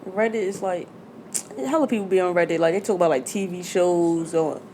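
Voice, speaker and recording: A woman from Jersey City hosting a podcast in casual chat, telling stories in a profane, animated way. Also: fairly low pitch, a little fast, a little hiss or hum. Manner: storytelling, profane, animated retelling. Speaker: podcast host.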